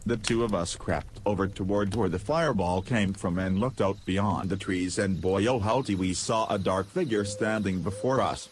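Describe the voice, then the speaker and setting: A man narrating an absurd comic story in first person, deadpan and goofy. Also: low-pitched, normal speed, few pauses, slight background noise. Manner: goofy, deadpan, absurd humor with silly voices. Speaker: podcast storyteller.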